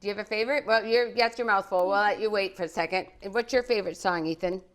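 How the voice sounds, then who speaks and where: A woman's voice: medium pitch, fast. A middle-aged woman hosting a live home cooking program, chatting cheerfully with children and viewers. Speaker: cooking show host. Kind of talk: live casual cooking chat with kids. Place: living room at home.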